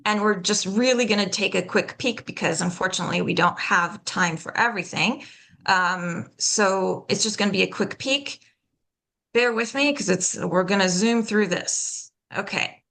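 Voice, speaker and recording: Woman, pronunciation instructor, bright tone, some vocal fry, patient, slow demonstrations, frequent "okay?" check-ins. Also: mid-range voice. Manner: demonstrates sounds slowly and deliberately. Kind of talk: live online workshop teaching.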